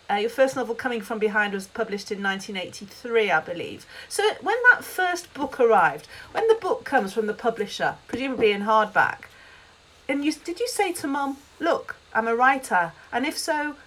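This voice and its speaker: A woman interviewer asking a guest a measured question. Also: on the high side, rough recording.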